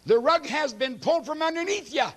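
A man with a very high-pitched voice preaches a sermon, emphatic and preachy. He veers from loud declarations to hushed asides and reads scripture quickly.

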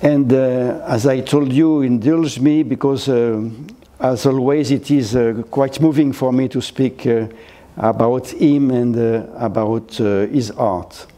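An older man from France with a French accent, giving a gallery lecture in halting English, full of fillers and restarts. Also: mid-range voice, steady tone, warm tone. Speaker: guest lecturer. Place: lecture hall, seated.

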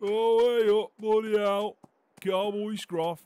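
A man's voice: high-pitched, steady tone, slow pace, warm tone, clean tone, no echo. An actor playing a blunt, teasing male farm worker who swears constantly. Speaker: farm roleplay character.

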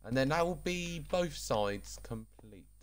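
A man's voice: fairly high pitch, animated, slow. A man casually commenting while building in a video game, chatty, rambling and self-deprecating. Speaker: gaming channel host.

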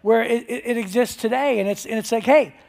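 A man's voice: very high voice, fairly even intonation, fast, creaky, darkish tone. A man preaching a sermon as pastor, talking in a conversational, joking storytelling way.

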